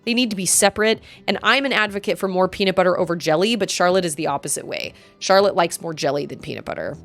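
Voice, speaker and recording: A woman's voice: fairly low pitch, expressive, fast, a bit bright. A woman streaming a game, chatting casually with viewers and reading game dialogue aloud in playful voices. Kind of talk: casual gameplay commentary. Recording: faint game music behind.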